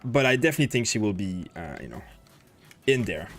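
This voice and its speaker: A man's voice: lowish voice, sing-song, a little fast, fairly bright tone. A man hosting a casual gaming livestream, thinking aloud as he plays and answering chat questions with plenty of fillers. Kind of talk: casual livestream commentary while playing.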